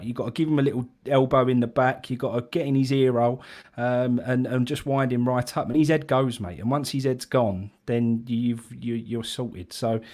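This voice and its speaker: A man co-hosts a casual fan live stream. He talks bluntly, swears, and drops "mate" into almost every line. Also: medium pitch. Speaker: fan show co-host. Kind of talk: casual football fan chat.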